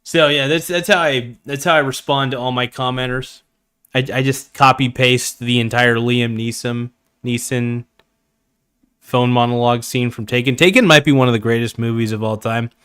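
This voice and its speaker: A man's voice: medium pitch, fairly even intonation, normal speed, fairly bright tone, clean tone. A man hosting a live stream, chatting casually in an enthusiastic, rambling and jokey way.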